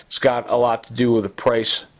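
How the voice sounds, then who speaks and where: A sleep-deprived man talking in a rambling, agitated monologue, halting and repeating himself with many fillers. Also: mid-range voice, little pitch movement. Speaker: vlogger.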